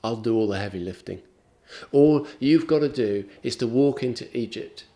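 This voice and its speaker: A man's voice: mid-range voice, moderate pace, warm tone, lightly acted. A man preaching who speaks as God, a patient and all-powerful king, in a firm, declaring way. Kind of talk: sermon storytelling.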